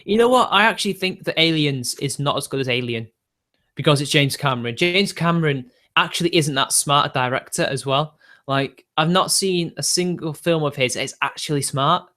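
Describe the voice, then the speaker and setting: Speaking at normal speed in a bright, forceful voice that sits a little above most men's, a streamer rambles through viewer questions on a casual livestream. He laughs often as he delivers blunt, opinionated remarks.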